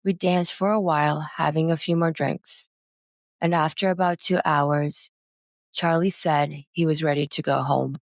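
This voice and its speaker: A woman narrating a first-person memoir in a slow, somber reading. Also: low voice, fairly even intonation, no echo, studio quality.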